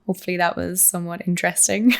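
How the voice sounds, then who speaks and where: Chatty young Irish woman, lowish voice. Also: steady tone, fast, gravelly. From Ireland. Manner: chatty, peppered with "like", laughs often. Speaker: guest. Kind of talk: casual interview chat.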